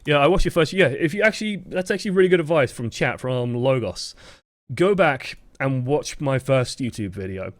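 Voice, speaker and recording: Young man, game coach, fast projected delivery, casual swearing, very dry close sound. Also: medium pitch, animated, dry recording. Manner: talks fast. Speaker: game coach reviewing footage. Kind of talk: live-streamed gameplay review commentary.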